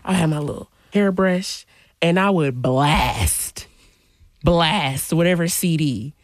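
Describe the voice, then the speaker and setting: Low-voiced chatty woman DJ. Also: slow, no echo, clean studio sound. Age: late 20s. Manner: animated, chatty, playful asides. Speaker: DJ, guest. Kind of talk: radio interview. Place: radio studio.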